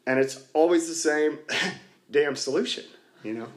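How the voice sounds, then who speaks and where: A man's voice: a little high, measured pace, long pauses. A man sharing candidly at a recovery meeting, rambling and poking fun at himself, with lots of "you know.". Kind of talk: candid personal talk to a group. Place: church basement.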